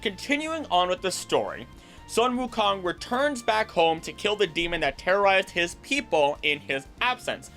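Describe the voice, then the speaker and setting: A man hosting a video, explaining myths in an animated, jokey, tangential way. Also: high-pitched, normal speed, faint music behind. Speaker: voice actor and video host. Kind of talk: casual explanatory commentary.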